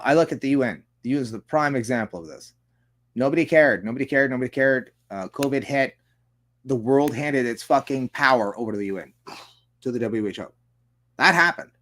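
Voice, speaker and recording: A man hosting a political commentary show, reading news articles aloud and breaking off with sarcastic, profane asides. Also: mid-range voice. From Canada. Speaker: host.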